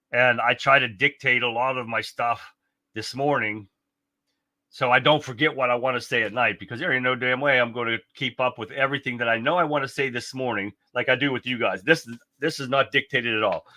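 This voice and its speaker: A man's voice: mid-range voice, pushed and bright. A man hosting a live stream, chatting off the cuff in a rambling, blunt way with some mild swearing. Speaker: livestream host. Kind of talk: casual live-stream chat.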